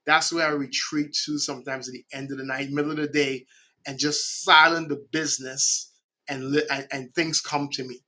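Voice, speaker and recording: A middle-aged man from the Caribbean, a podcast guest speaking in an animated way and often checking in with "right?". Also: on the high side, normal speed. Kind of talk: conversational interview.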